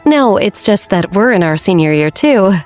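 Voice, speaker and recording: A skeptical teenage girl with a dry, direct delivery, as a woman reads her in an audiobook. Soft music sits faintly behind the storybook reading. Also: medium pitch, sing-song, moderate pace, natural voice.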